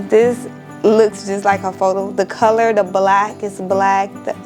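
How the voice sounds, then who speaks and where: A woman's voice: medium pitch, little pitch movement, unhurried, darkish tone, soft background music, rough recording. A young woman from Miami, a crafting vlogger, chatting casually and emotionally to her viewers, exclaiming often and calling them y'all.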